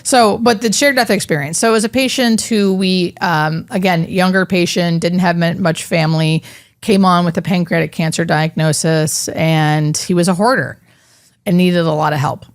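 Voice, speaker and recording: Soft-spoken woman, a hospice nurse recounting a story. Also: lowish voice, steady tone, dry recording, studio quality. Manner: emotional, halting storytelling with many fillers. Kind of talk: interview storytelling.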